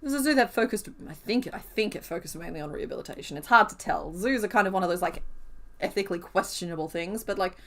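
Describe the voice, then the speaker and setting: A woman's voice: fairly low pitch, fast talker, fairly bright tone. A woman live-streaming as she crochets, chatting casually and rambling with frequent giggles and fillers.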